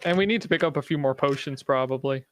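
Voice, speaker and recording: A man playing a tabletop game, eager and quick to chime in with suggestions. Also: mid-range voice, slight background noise. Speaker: player. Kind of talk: casual chat at a tabletop game.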